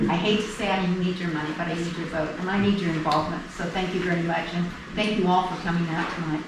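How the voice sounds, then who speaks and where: A woman candidate giving an earnest campaign speech at a meeting, halting with fillers now and then. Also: lowish voice. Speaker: political candidate. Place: meeting room. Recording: echoey room, distant mic, noisy.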